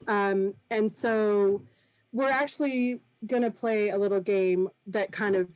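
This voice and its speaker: A woman's voice: medium pitch, steady tone, slow, darkish tone, dry recording, low-quality recording. A woman guest on a video-call podcast, speaking thoughtfully with frequent ums and light laughs. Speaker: guest, improv performer and business founder. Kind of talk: casual podcast chat.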